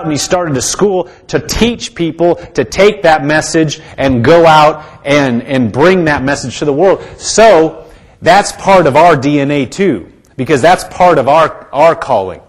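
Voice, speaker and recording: An American man preaching to his congregation in a loose, conversational sermon. His voice sits a little high for a man. He speaks earnestly and often circles back to restart his sentences. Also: lively intonation, unhurried. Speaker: pastor.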